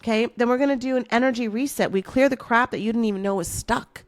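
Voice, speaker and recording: A woman hosts a motivational podcast as a manifestation coach, hyping the listener up playfully and calling them baby. Her voice is a little high and quick, with no room sound.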